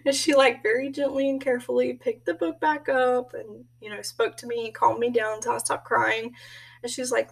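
A woman's voice: fairly high pitch, steady tone, normal speed, creaky, recorded from a distance, rough recording. A woman giving a casual self-introduction as a graduate student, telling stories in a chatty way and laughing often.

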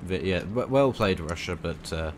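A man giving excitable, casual commentary over a tank game, bantering at enemies with mock outrage. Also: low-pitched, normal speed, a little hiss or hum. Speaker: gaming video creator.

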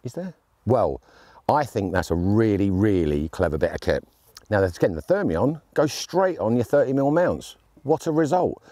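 Lively, mellow-voiced chatty man. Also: fairly low pitch, normal speed, dry recording. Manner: chatty, jokey and enthusiastic. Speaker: airgun gear reviewer. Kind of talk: casual gear review. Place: outdoors on shooting land.

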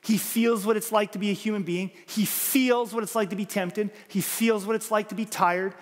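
His voice high-pitched and fairly even in intonation, a Canadian pastor preaches at a moderate pace, the church sanctuary giving it a long reverb tail. He builds his points earnestly and emphatically through repetition of phrases.

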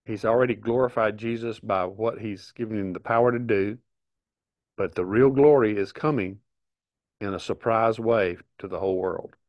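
A middle-aged man earnestly teaching a Bible study, reading verses aloud and pausing to stress them. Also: fairly low pitch, no echo, highs cut off. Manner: earnest, emphatic, reads scripture aloud with pauses.

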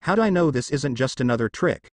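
A man's voice: mid-range voice, animated, brisk, no echo, close to an everyday voice. A man voicing a smug, mocking male demon.

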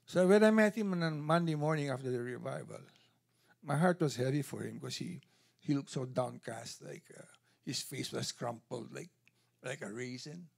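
A man giving an animated testimony at a church service, telling his story with quoted dialogue. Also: mid-range voice, moderate pace, creaky.

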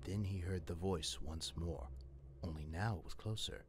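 A man narrating a scary story in a hushed, suspenseful way. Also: low voice, moderate pace. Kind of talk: scripted spooky storytelling. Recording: music under the narration.

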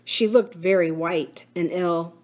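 Woman, library story reader, children's book read aloud, clear, even pace. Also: fairly low pitch, takes it slowly.

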